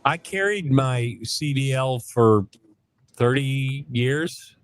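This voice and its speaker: A man's voice: mid-range voice, takes it slowly. A middle-aged man hosting a live online hangout, talking in a rambling, joking way with lots of ums, over a video call. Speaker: live stream host. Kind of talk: casual chat.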